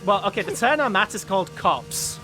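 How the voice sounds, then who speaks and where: West Midlands English man, high crisp voice, casual banter while gaming. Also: expressive, brisk, pushed and bright, faint music behind. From England. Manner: bantering, laughing at himself. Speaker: streamer racing with friends.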